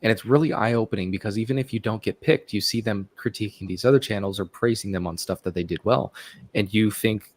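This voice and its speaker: A man's voice: on the low side, fairly quick. A man in a casual livestream chat, explaining things in an earnest, step-by-step way.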